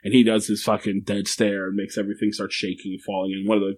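Talking quickly in a fairly low voice, this man goes through a film's plot with his podcast co-host. He keeps it loose and animated, cursing a lot, laughing, and performing lines from scenes.

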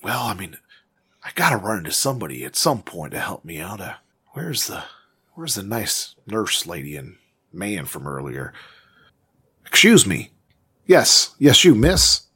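Husky-voiced man playing a tabletop game. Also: low voice, big pitch swings, normal speed, bright, forceful tone. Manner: rambling, comic, hesitant. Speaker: player.

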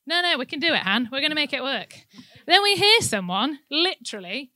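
A woman gives a church talk, spinning a personal anecdote in a lively way with frequent laughter. Her voice sits high and bright. The sound is close and dry. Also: brisk, no echo. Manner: animated anecdotal, laughing often. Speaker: church speaker. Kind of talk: sermon with personal storytelling. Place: indoor room with an audience.

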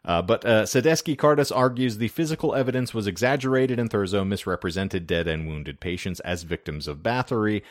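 A man's voice: lowish voice, a little fast, few pauses, no echo, clean studio sound. A man co-hosting a casual podcast, walking through his research notes in a wry, chatty way with lots of fillers. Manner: wry, conversational, with frequent fillers. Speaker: podcast co-host presenting the episode's research. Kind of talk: casual podcast history talk, partly read from notes. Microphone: remote call setup.

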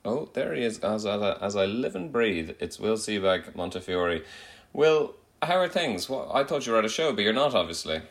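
Lively, low-voiced podcast host. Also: male voice. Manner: animated storyteller, quick asides. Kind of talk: casual comedic chat.

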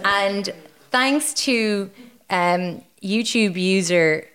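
A woman's voice: medium pitch, very slow, fairly bright tone. Brief: Irish woman, live podcast host, giggly sarcastic storyteller. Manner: giggly, reads quotes aloud with sarcastic asides. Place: live show stage.

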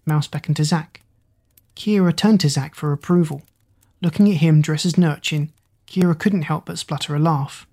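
Audiobook narrator, woman, low and husky, measured. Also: fairly even intonation, warm tone. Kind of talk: storybook narration.

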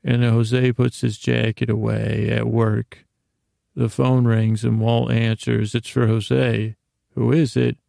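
A man's voice: medium pitch, little pitch movement, slow pace, dark tone, dry recording, clean studio sound. A man rambling through a casual recap of a show he watched, often correcting himself and reading from his notes. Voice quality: gravelly. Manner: meandering, self-correcting, reads his notes aloud. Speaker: podcast host recapping a show.

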